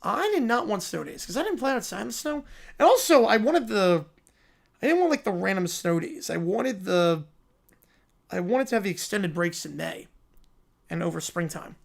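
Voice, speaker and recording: A man hosting a livestream speaks in casual chat, quick and offhand, and gives strong opinions. His voice sits fairly high for a man and has a gravelly fry. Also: very animated. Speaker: livestream host.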